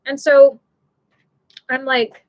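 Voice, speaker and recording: Woman, high-pitched, rambling emotional storyteller, live show host. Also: level tone, drawn-out words, low-quality recording. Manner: rambling and emotional, heavy with "you know" and restarts. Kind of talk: personal storytelling.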